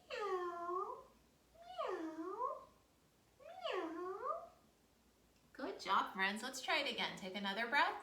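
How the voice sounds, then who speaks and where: A woman's voice: on the high side, bright, forceful tone, slight background noise. A woman with an American accent leading a children's storytime yoga class, upbeat and encouraging with playful animal noises. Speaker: kids yoga teacher. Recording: echoey room, far from mic.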